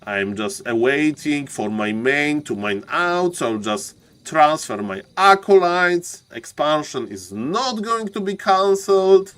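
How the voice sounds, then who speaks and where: A man voicing a bored male undead gamer who calmly explains his plan, halting between words. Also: fairly high pitch, clear, resonant tone, voice pushed down. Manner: halting, matter-of-fact musing.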